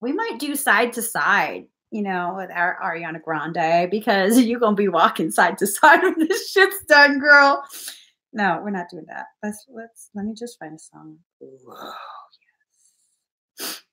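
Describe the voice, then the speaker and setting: A woman's voice: medium pitch, expressive, unhurried, sharp tone. A young woman chatting casually on a livestream as a spiritual energy reader, giggly and playful, swearing now and then.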